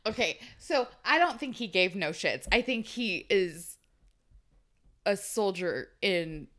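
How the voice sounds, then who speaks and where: A woman co-hosting a podcast in a casual chat, with a bright, crisp voice. Her opinions come fast and are full of "like". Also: mid-range voice, expressive. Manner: lots of "like", quick and opinionated. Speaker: podcast co-host.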